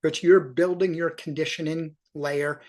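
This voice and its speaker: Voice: mid-range voice, steady tone, unhurried, a little mellow. A cycling coach walking athletes through a workout review on screen, talking in an enthusiastic, encouraging and loose way with frequent self-corrections.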